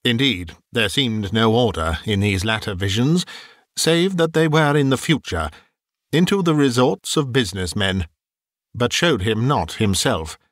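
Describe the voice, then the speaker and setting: A man narrating an audiobook in a calm, measured storytelling voice. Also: mid-range voice, no echo, studio quality.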